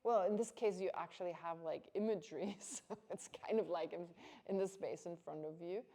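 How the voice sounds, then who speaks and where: A woman's voice: lowish voice, brisk, creaky, warm tone. A woman giving an informal Buddhist teaching to a class, chatty and conversational, laughing often and restarting her sentences.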